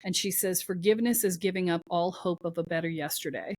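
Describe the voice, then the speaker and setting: A woman's voice: on the low side, a little fast, darkish tone, no echo. A woman speaking as a podcast guest and spiritual coach, giving emphatic, blunt advice in short commands. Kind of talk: podcast conversation.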